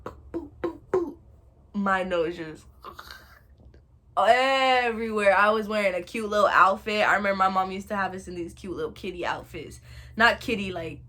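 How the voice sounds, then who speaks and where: A young woman telling a funny childhood story in a casual storytime, animated and dramatic, laughing as she goes. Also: medium pitch, moderate pace. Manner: animated and dramatic, shouting and wailing re-enactments.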